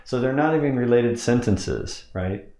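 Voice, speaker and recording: A man's voice: animated, moderate pace, warm tone, roomy sound, a little hiss or hum. A man coaching on sales hypnosis, explaining techniques step by step and acting out examples. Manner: explains step by step, demonstrates with pitch changes. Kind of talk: instructional explanation.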